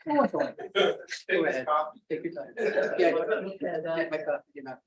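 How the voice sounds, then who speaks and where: A man's voice: on the high side, lively intonation, slow, slightly rough, muffled recording. A man chairing a public planning meeting, friendly and informal as he invites speakers forward. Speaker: meeting moderator.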